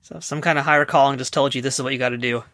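A man's voice: medium pitch, steady tone, racing, pushed and bright, no echo, clean studio sound. A man hosting a casual interview, asking curious follow-up questions and nudging his guest along. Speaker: podcast host.

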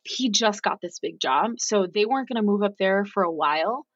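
Husky-voiced woman telling an animated story. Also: medium pitch, normal speed, dry recording, highs cut off. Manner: animated, quotes herself and others in lively voices. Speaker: podcast guest. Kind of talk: casual storytelling interview.

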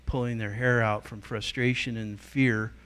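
A middle-aged man, a guest church leader, giving a teaching talk and telling stories in an animated way, acting out the voices of people he quotes. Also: medium pitch, measured pace.

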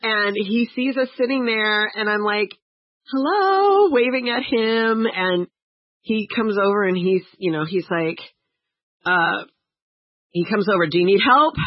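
A woman's voice: medium pitch, fairly even intonation, unhurried, no echo, highs cut off. A woman co-hosting a podcast, telling a travel story in casual chat, laughing often and acting out quotes. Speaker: podcast co-host.

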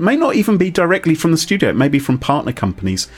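A man's voice: mid-range voice, sing-song, fast. A man hosting a casual tech news chat, wry and chatty, explaining with asides. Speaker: podcast host.

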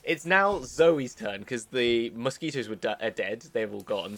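A man running a tabletop game as dungeon master, excitable and rambling, often laughing as he narrates. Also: mid-range voice.

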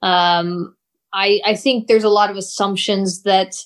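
A woman's voice: medium pitch, steady tone, measured pace. A woman artist and teacher, a guest in an interview, talking thoughtfully with frequent laughs. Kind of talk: casual interview chat.

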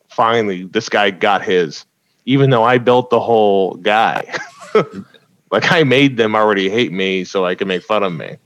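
A man with a lowish voice talks shop about stand-up on a podcast, chuckling often as he explains his bits. The sound is close and dry, with no room echo. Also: fairly bright tone, lo-fi sound. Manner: laughs often, quick asides. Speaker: stand-up comedian guest. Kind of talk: casual podcast chat. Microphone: podcast mic.

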